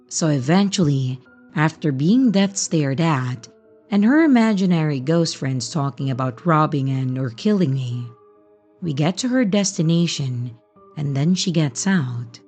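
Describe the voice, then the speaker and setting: Woman horror narrator, unhurried, animated, faint music bed. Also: low-pitched. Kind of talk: storytelling narration. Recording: soft music bed underneath.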